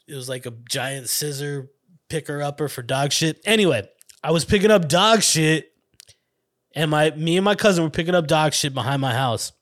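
A man around forty with a somewhat high voice, hosting his own podcast. He tells stories in a loose, rambling, foul-mouthed way, circling back and restarting as he goes. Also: fairly bright tone. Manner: rambling, profane, laid-back, restarts and laughs often. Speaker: podcast host. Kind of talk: casual storytelling monologue.

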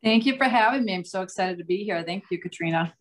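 A woman's voice: medium pitch, fast. A middle-aged woman from outside Boston with a light Boston accent, talking earnestly and at length as a podcast guest, with frequent "um"s and restarts. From Massachusetts, US. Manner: earnest, talkative, many fillers and restarts. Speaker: guest, psychic medium and author. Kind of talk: casual interview chat.

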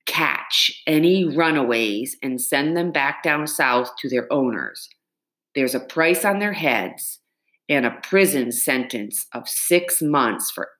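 A woman reading aloud gives voice to a blunt country constable, a man with clipped, folksy phrasing and a plain warning tone. The storybook lawman speaks slowly in a low voice with lively turns. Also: heavily acted.

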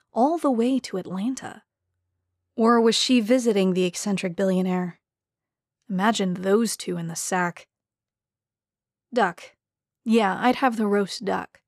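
A woman narrating a story in a measured, even way. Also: medium pitch, dry recording, studio quality. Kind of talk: scripted narration.

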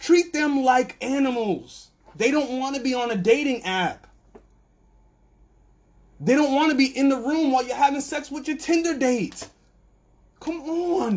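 This podcast host is a man whose voice sits very high, and he talks at an ordinary pace. His comedic monologue wanders loosely, full of lively storytelling and acted-out voices.

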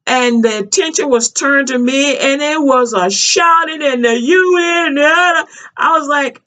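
A woman's voice: sits high, animated, a little slow, pushed and bright. A woman vlogger in casual storytelling commentary, chatty and rambling, with many fillers and restarts, colloquial and earnest.

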